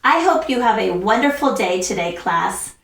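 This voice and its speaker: A woman teaching a basic English lesson, speaking with sing-song, exaggerated emphasis and deliberate pauses. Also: mid-range voice, animated, creaky, a bit bright, reverberant, recorded from a distance. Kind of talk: slow, deliberate classroom lesson for learners.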